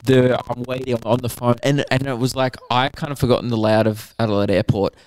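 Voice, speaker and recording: A young Australian man, a comedian and podcast co-host, telling a story in an animated, swearing, act-it-out way. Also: medium pitch, a little fast, dry recording. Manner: animated, swears freely, acts out quotes.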